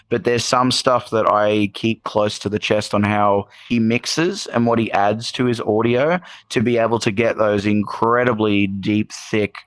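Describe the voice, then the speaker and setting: An Australian musician appears as a podcast guest, telling stories in a casual, rambling interview full of fillers and restarts. His voice is lowish with a fairly bright tone, recorded dry.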